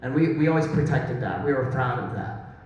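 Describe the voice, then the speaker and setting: A man's voice: mid-range voice, animated, darkish tone, lo-fi sound, slight background noise. A man in his thirties from Dallas, Texas, telling self-mocking stories in a stand-up comedy set. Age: 30s. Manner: storytelling, self-mocking, quick asides to the crowd. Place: large hall, recorded from far off. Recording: very echoey hall, distant mic.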